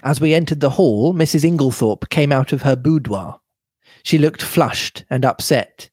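A man reading a classic mystery novel aloud with measured, expressive narration. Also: mid-range voice, slightly rough, dry recording. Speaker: reader.

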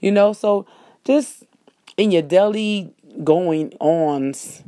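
A woman's voice: fairly low pitch, extremely slow, dark tone, no room sound, clean studio sound. A woman hosting a casual monologue, talking straight to her listeners in a rambling, folksy way and correcting herself as she goes.

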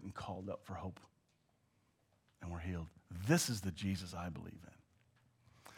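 A man preaching a sermon, moving between hushed asides and loud, acted-out shouts. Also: low-pitched, breathy edge.

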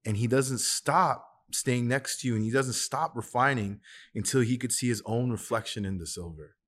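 A man hosting a podcast, speaking softly and reflectively in casual chat, with self-deprecating remarks. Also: medium pitch, moderate pace. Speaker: podcast host.

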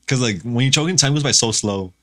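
A man in casual podcast chat, giggly and quick to tease. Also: medium pitch, a bit bright. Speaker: podcast co-host.

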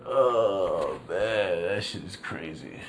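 A man hosting his own podcast rants through casual commentary, animated and full of New York street slang, laughing often and swearing freely. His voice is low-pitched and unhurried, with a little hiss or hum in the background.

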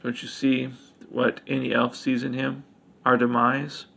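Man voicing a female elf queen, cruel, haughty, imperious, gravelly, flat pitch, storybook reading. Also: a little slow, full character voice, low-quality recording. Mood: scornful.

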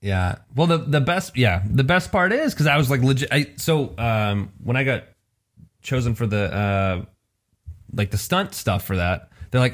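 A man trading jokes on a casual chat show, his voice leaping around in pitch. He laughs easily and swears freely, keeping the talk loose. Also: brisk. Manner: animated, laughing, profane banter.

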